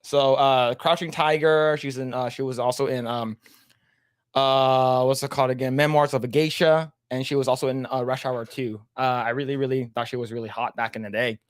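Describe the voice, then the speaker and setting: A man's voice: medium pitch, steady tone, fairly quick, no echo, clean studio sound. A man co-hosting a casual livestream podcast, reading chat comments aloud in a laid-back way and laughing often.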